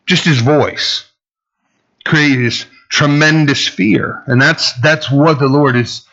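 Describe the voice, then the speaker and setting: A man preaching a conversational sermon, full of fillers and asides, rising in pitch when he stresses a point. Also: fairly even intonation, slow pace, a bit bright, highs cut off. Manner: casual and rambling, heavy fillers, rises in pitch for emphasis. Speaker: pastor.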